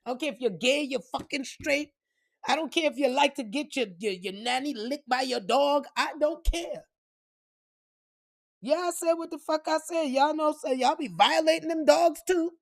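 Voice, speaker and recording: A woman's voice: sits high, moderate pace, gravelly. A woman spiritual reader ranting to camera in a blunt, profane, heated way. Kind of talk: unscripted rant to camera.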